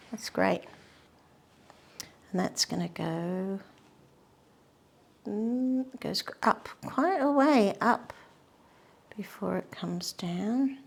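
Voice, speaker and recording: Soft-spoken woman, slow and gravelly. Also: mid-range voice, expressive. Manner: murmurs softly to herself while painting, often whispering. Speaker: art instructor. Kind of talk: painting demonstration.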